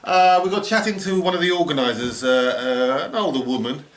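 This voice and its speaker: A man's voice: a little high, animated, a little fast, fairly bright tone. A middle-aged man, casually reminiscing about a trip in a rambling, chuckling way, full of "you know". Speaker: storyteller recalling a trip. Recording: roomy echo with faint background noise.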